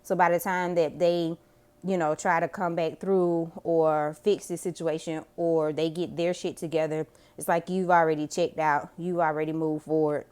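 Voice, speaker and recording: Slangy, low-voiced woman tarot reader. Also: little pitch movement, moderate pace, darkish tone, clean tone. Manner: slangy, profane, chatty. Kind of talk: casual tarot reading to camera.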